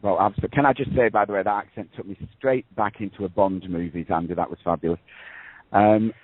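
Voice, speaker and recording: A man's voice: on the low side, steady tone, fast talker, no room sound. A male radio co-host talking casually and emphatically, stumbling over restarts, heard over a tinny phone line. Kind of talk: casual talk-radio chat.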